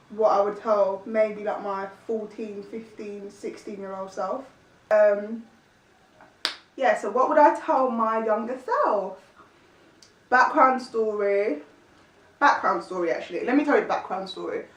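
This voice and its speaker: A woman's voice: medium pitch, a little slow, long pauses, recorded from a distance, dull audio. Rambling young woman, roomy echo. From East London, England. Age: 20s. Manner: chatty, rambling, many fillers and restarts. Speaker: vlogger. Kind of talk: casual chat to camera.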